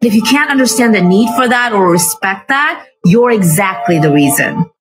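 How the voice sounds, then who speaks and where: A woman's voice: mid-range voice, expressive, normal speed. A woman speaking earnestly in a social media video clip, in a lecturing tone. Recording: video clip played with music behind.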